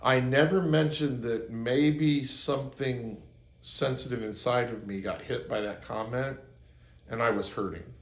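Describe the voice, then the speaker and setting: Man, advice host, earnest, storytelling, middle pitch, echoey room. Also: measured pace. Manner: earnest, anecdotal, acts out quoted lines. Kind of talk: advice monologue to camera.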